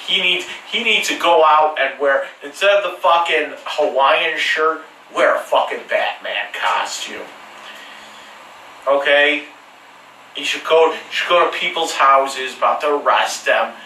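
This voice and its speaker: Dude rambling and cussing, kinda high bright voice, sounds far from the mic. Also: male voice, unhurried, slight background noise. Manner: crude, profane and joking, with many restarts. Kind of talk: rambling casual monologue. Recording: echoey room, mic far off.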